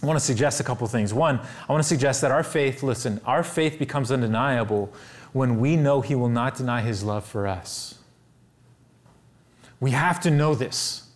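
An earnest male pastor delivering a sermon at a middle pitch. He presses his points hard, lifting his voice high for emphasis and then settling back low and quiet. He often breaks in with "listen" to pull the room in. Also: moderate pace. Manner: earnest, building to raised emphatic peaks, often saying "listen".

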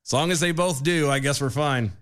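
A man's voice: a little high, a bit bright. Casual man reading the news aloud. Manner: halting, restarts often, laughs between lines. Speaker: podcast co-host.

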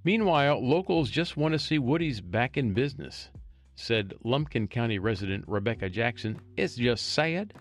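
A man's voice: medium pitch, lively intonation, moderate pace. A man reading a local news story aloud and adding chatty, wry asides as a storytelling host.

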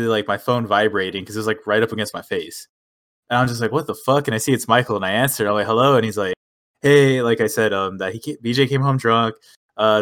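A man co-hosting a podcast, telling a story in casual, swearing chat and acting out quoted lines. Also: on the low side. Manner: swearing, animated retelling with quoted dialogue. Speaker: podcast co-host.

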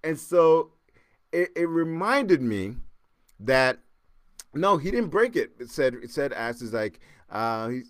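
A man hosting his podcast, telling a story casually with lively repeats and acted-out sounds. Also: a little high, slow pace, no echo, studio quality. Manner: animated, repeats words and acts out sounds. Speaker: podcast host.

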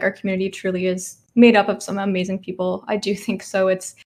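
A woman's voice: mid-range voice, a little mellow. A woman speaking from home as a game developer guest in an interview, upbeat and enthusiastic. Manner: upbeat, enthusiastic, many yeahs. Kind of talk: casual interview answers.

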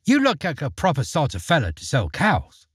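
A wheedling old storybook trickster who coaxes with quaint country phrasing, as a man acts him out. The voice is husky and swings widely in pitch, recorded close and dry. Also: wildly swooping pitch, normal speed, no echo, exaggerated voice. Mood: coaxing. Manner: coaxing, old-fashioned country talk. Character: sly, wheedling old man peddling beans.

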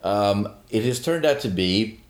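A man's voice: on the low side, expressive, measured pace. A man on a talk podcast, giving sardonic, opinionated commentary with many fillers and digressions. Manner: sardonic, mocks a phrase in a sing-song voice; hesitant fillers, long digressions.

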